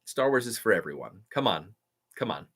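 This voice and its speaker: A man's voice: fairly low pitch, big pitch swings, moderate pace, fairly bright tone, husky. A man running a live stream Q&A, answering chat in an enthusiastic, rambling way full of fillers. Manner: enthusiastic, rambling fan talk with many fillers.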